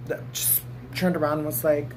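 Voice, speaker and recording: A woman's voice: low voice, level tone, moderate pace. A woman vlogger in casual storytime chat, giggly and chatty, often breaking into laughter. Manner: chatty, keeps calling the viewer "girl". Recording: noisy background hiss.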